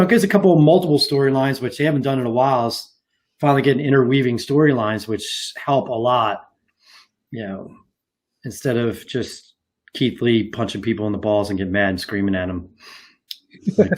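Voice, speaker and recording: A man's voice: mid-range voice, fairly quick. A man co-hosting a wrestling podcast, talking in a rambling, casual way with many fillers and restarts. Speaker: podcast co-host. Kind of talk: casual chat.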